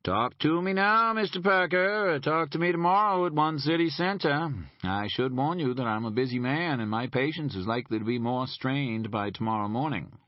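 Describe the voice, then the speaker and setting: A man's voice: medium pitch, moderate pace, dry recording, voice pushed up, lightly acted. A man voicing a smug, sarcastic male federal agent with pompous, mocking politeness in an audiobook. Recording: dull lo-fi recording.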